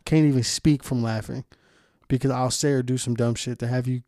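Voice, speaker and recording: A man's voice: medium pitch, steady tone, fairly quick, warm tone, no room sound, clean studio sound. Profane, ranting podcast host man. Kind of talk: casual podcast chat.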